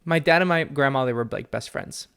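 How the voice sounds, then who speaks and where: Young man, gravelly voice, candid solo podcast talk, mid-range pitch, earnest. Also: a little fast. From family from Peru. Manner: earnest, candid, often laughing softly. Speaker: podcast host, psychic medium. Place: at home with his dog.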